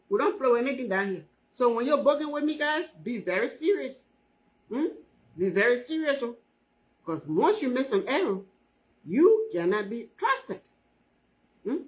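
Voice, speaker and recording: A woman's voice: fairly high pitch, fairly bright tone, lo-fi sound. A woman running her hair braiding business, talking to viewers on a live stream, emphatic and repeating herself, often asking "hmm?". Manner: emphatic, repeats phrases, often asks 'hmm?'.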